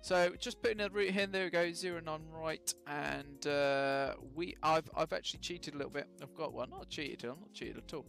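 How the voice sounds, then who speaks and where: A man's voice: on the high side, moderate pace, creaky, hardly any pauses, fairly bright tone, faint music behind. A man casually talking through his flight sim setup on a live stream, chatty and full of ums and self-mocking jokes.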